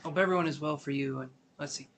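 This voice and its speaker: A man giving a live tarot reading, talking gently and meanderingly with many fillers, sleepy and yawning. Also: fairly high pitch, fast, a little hiss or hum. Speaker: tarot reader.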